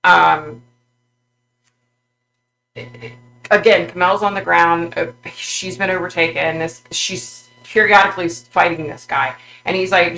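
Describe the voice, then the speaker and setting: A woman vlogger tells of a psychic vision in a halting, filler-heavy way. Her voice sits a little low, with a gravelly, fry-laden edge and a sharp, tense brightness. A faint hum runs underneath. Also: steady tone, low-quality recording. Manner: halting, full of fillers and restarts.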